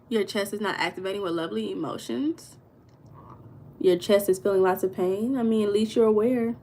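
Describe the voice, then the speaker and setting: A woman's voice: medium pitch, slight background noise. An American woman hosting a casual live stream, greeting viewers by name and answering their comments. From United States. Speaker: livestream host reading viewer comments.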